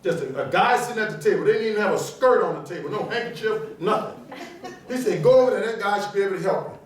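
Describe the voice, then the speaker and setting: This New Orleans man, speaking with his hometown accent, gives a motivational keynote in a large auditorium, bringing his story characters to life animatedly. His voice sits high and moves fast. The recording is echoey and picked up from far away.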